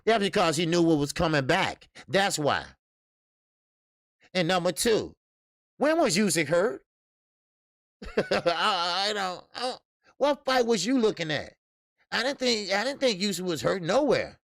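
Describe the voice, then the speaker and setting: A man's voice: high voice, big pitch swings, unhurried, pauses often, a bit bright, no room sound, clean studio sound. A man hosting a casual boxing live stream, blunt and profane, laughing often and greeting chat viewers. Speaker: boxing show host.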